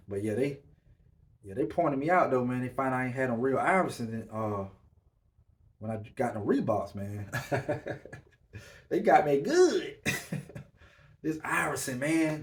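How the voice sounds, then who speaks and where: A man's voice: medium pitch, animated, unhurried, far from the mic. Laid-back man, a bit off-mic. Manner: laid-back, loose slang, filler-heavy. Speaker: podcast host. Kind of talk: casual podcast chat.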